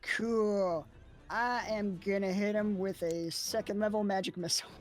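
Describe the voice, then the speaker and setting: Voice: mid-range voice, fairly even intonation, measured pace, over loud music. A player at a tabletop game making dry, wry remarks. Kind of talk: tabletop game play, casual chat.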